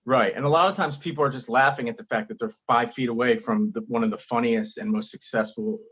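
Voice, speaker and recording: A man with a slightly husky, breathy voice tells an animated story, slipping into quick impressions of the people in it. The sound is a bit dull and lo-fi, as if recorded on a modest setup. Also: mid-range voice. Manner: animated storytelling, acts out quotes. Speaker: stand-up comedian, guest. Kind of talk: casual podcast chat.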